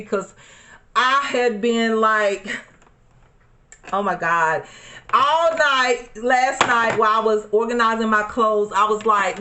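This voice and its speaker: Slow-talking woman vlogger. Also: fairly high pitch, a bit bright. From Alabama. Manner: chatty, repeats herself, addresses viewers as y'all. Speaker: beauty vlogger. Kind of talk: casual get-ready-with-me chat. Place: home desk corner.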